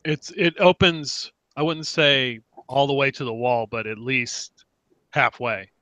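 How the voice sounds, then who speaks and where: A man narrates his character's actions at a tabletop game, slipping in dry jokes. His voice is bright and forward, recorded dry with no room sound. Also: mid-range voice, fairly even intonation, measured pace, no room sound, low-quality recording. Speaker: player. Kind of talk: casual tabletop play.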